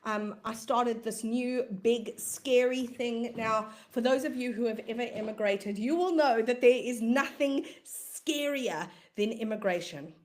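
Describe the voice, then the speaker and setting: A woman's voice: fairly high pitch, unhurried, few pauses. A woman with a South African accent, giving a motivational talk as a business coach and comedian, emphatic and repeating phrases for weight.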